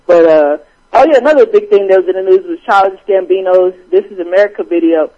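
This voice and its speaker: A man hosting a casual podcast chat, animated and quick to laugh. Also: high-pitched. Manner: animated, laughs often while retelling jokes. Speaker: podcast host. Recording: dull lo-fi recording.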